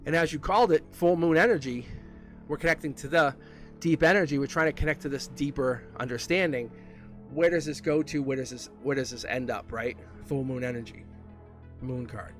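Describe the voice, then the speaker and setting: A man's voice: medium pitch, fairly quick, fairly bright tone, faint music behind. A middle-aged man giving a live-stream tarot reading, chatty and upbeat, rambling with fillers and laughs. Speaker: tarot reader.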